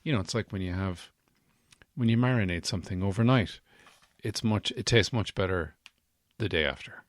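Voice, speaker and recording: Low-voiced deadpan man. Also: moderate pace, long pauses, no room sound, studio quality. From Irish Midlands. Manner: deadpan, hesitant, full of fillers. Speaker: podcast host. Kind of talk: comedy podcast sketch.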